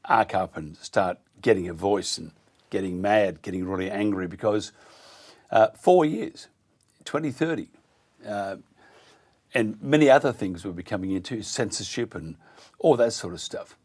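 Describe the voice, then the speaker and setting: An Australian man hosting talk radio, indignant and halting, with many fillers. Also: lowish voice, animated. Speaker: radio host.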